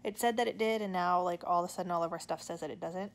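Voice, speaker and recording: Fast and creaky, this young adult woman's voice runs on the low side with a steady tone. She's a family vlogger and mother chatting casually to camera from her living room sofa, rambling about her plans and filling gaps with lots of fillers.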